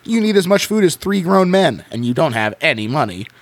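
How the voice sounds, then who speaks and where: A man hosting a podcast, reading a choose-your-own-adventure book aloud in an expressive way and breaking off to chat. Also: a little high, fairly quick. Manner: expressive reading with frequent laughs. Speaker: podcast host.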